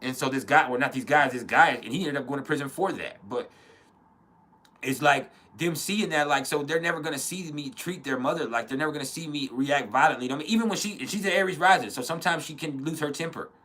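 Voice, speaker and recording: A man's voice: fairly high pitch, fast, fairly bright tone. A man in his thirties hosting a casual spoken reflection, earnest and blunt, with frequent swearing and restarts. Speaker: podcast host.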